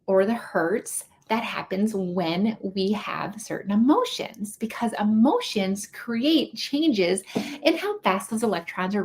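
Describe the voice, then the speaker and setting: A woman's voice: medium pitch, darkish tone. A woman hosting and teaching casually, upbeat and chatty, often checking in with her listeners. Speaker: host and coach.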